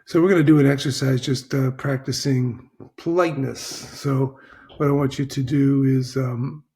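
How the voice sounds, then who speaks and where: A man's voice: medium pitch, fairly even intonation, darkish tone. A man teaching a recorded language lesson, patient and repetitive, often checking in with "right?". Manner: slow, patient, repeats phrases, checks in with "right?".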